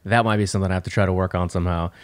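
A man co-hosting a podcast in easygoing casual chat. He talks fast in a somewhat low voice, and the sound is dry and close, with no room around it. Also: fairly even intonation, dry recording. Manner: quick, easygoing, with lots of short agreements. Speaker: podcast co-host.

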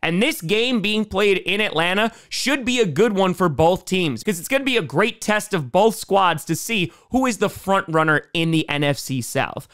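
Wisecracking high-voiced male sports commentator. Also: normal speed, hardly any pauses, smooth. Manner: animated and wisecracking, jumping between highs and lows. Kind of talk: comedic NFL prediction monologue.

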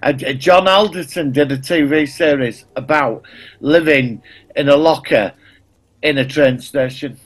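A man co-hosting a podcast, his voice a touch high as he chats with blunt, grumbly humour. He talks casually from a home setup, dry and wry in manner. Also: measured pace. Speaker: podcast co-host. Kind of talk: casual chat.

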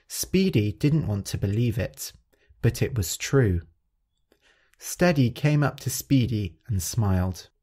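A man hosting a story podcast, narrating clearly and expressively for English learners. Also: mid-range voice, measured pace. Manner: clear, expressive, carefully paced.

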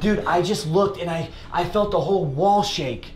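A young man on a ghost-hunting vlog, talking excitedly and swearing as he repeats himself. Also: sits high, normal speed, echoey room, soft background music. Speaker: paranormal investigator.

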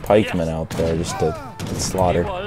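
Low-voiced young man casually commenting on a game. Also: steady tone, normal speed. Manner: chatty, laughing, self-deprecating. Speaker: gaming host. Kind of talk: casual let's play commentary.

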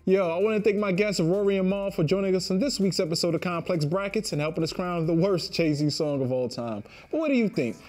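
A man hosting a casual talk show, upbeat and quick to laugh. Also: high voice, darkish tone. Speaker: host. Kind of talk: casual podcast chat.

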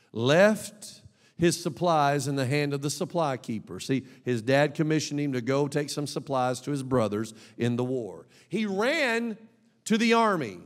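A male pastor preaching a sermon, emphatic, moving between quiet asides and loud exhortation. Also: fairly high pitch. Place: church sanctuary. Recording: echoey church hall.

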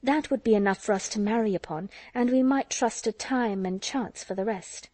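A woman reads a jealous, scheming young lady in a storybook, speaking in a mellow, slightly raised voice. She sounds earnest and confiding. The sound is close and dry. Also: a little high, moderate pace, no echo, natural voice.

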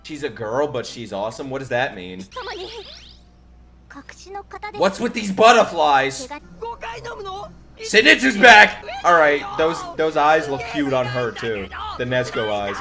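A man streaming his reaction to an anime, excitable and profane, laughing and shouting at the screen. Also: medium pitch, moderate pace. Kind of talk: casual reaction commentary. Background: anime soundtrack music playing.

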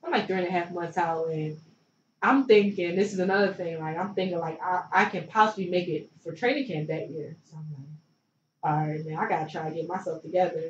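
A young Philadelphia woman, a former pro basketball player guesting in an interview, talks brisk and on the low side as she casually rambles through her story with lots of likes and you knows. Distant from the mic in a roomy space, she sounds echoey, and the audio is dull with a faint noise under it.

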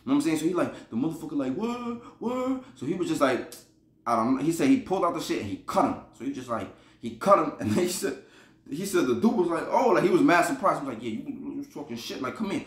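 A man's voice: on the high side, expressive, quick pace, roomy sound. A man from Buffalo, New York, casually telling a rambling, slangy prison story, repeating himself and laughing as he goes. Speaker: podcast storyteller.

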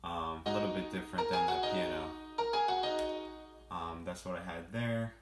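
This man, whose family roots trace to Jamaica and Brazil, has a low voice and talks at a moderate pace over loud music in a roomy-sounding space. He rambles casually through how he produced his song, relaxed and heavy on fillers.

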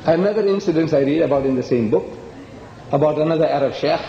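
Guy lecturing, mellow fairly high voice, emphatic storyteller, echoey hall, dull old tape. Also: quick pace. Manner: emphatic storyteller, acts out dialogue. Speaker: lecturer on comparative religion.

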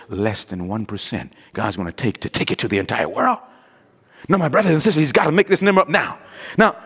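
High-voiced male preacher in a reverberant church. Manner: preaches with call-and-response questions to the congregation; swings from loud exclamations to hushed low asides. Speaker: pastor. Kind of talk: evangelistic sermon. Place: church sanctuary. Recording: long church-hall reverb.

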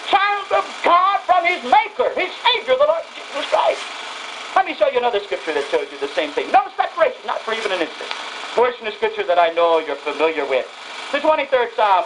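A woman's voice: mid-range voice, background noise. A woman preacher giving a radio sermon, reading scripture and driving her points home through emphatic, repeated phrases. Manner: reads scripture aloud and stresses single words.

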